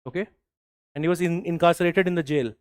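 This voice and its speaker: A man with an Indian accent teaching a class, mixing in Hindi and repeating phrases slowly so students can write them down. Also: on the high side, clear, resonant tone, no echo, studio quality. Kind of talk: classroom lecture, dictating notes.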